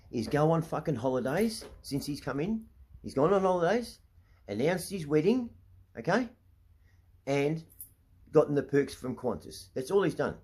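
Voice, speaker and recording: A middle-aged Australian vlogger rants to camera in a medium-pitched, slightly mellow male voice. He is heated and indignant, blunt and profane, repeatedly asking "right?" as he goes.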